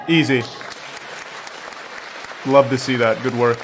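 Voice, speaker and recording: A man in his thirties riffs on video clips in a dry, sarcastic way, breaking into sudden excited shouts. His voice sits a bit high for a man. A faint murmur of people and light noise hangs behind him. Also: a little slow, long pauses, a faint crowd. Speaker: commentator reacting to clips. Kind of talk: casual video commentary.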